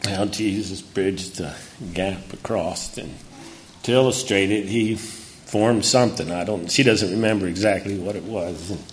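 A man's voice: low-pitched, a little slow, slight background noise. A man speaking at a memorial, emotional and earnest, his voice catching as he honors the man who died. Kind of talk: memorial tribute speech.

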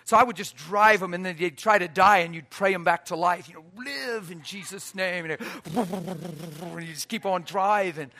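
A man preaching a sermon, telling a personal story with lively acted-out quotes and frequent laughter. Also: high voice, normal speed, slight background noise. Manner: animated, acts out quotes, laughs often.

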